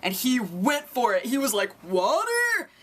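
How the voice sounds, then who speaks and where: A young woman telling a casual story on her vlog, animated and acting out quotes in squeaky voices. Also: moderate pace, slight background noise. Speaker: vlogger.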